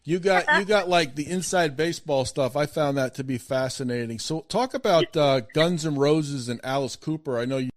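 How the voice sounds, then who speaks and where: A man's voice: on the high side, normal speed, hardly any pauses. A man hosting a podcast who chats enthusiastically about songs he loves and often repeats words as he gets going. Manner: enthusiastic, repeats words when starting sentences. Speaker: podcast host. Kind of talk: casual interview.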